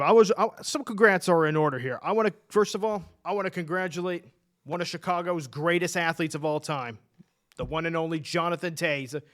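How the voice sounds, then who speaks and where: A man's voice: a little high, clear, resonant tone. A man co-hosting a casual sports chat show, enthusiastic and chatty, laughing often and restarting his sentences. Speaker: sports podcast co-host.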